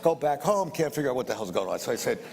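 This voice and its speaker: A man's voice: medium pitch, very animated, racing, creaky, a little mellow. An older man telling a business story in a blunt, rambling way, repeating words and swearing a little. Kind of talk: anecdotal storytelling. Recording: roomy reverb with faint background noise.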